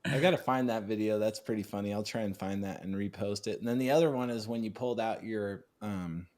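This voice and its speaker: A man hosting a podcast, chatting in a relaxed, friendly way and telling stories to his guest. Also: fairly low pitch, a little fast. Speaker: host. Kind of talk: casual chat.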